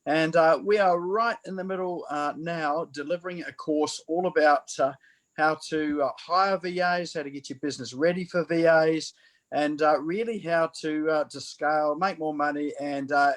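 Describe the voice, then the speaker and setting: A man introduces himself over a video call in a casual, relaxed way. His voice sits a little high, and his speech is halting and full of fillers. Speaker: meetup participant.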